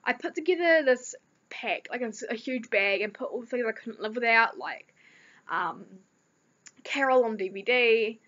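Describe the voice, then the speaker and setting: A woman's voice: on the high side, expressive, normal speed, a bit bright. Chatty teen girl with a New Zealand accent. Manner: rambling, chatty storytelling with fillers. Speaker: vlogger. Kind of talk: casual chat. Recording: dull lo-fi recording.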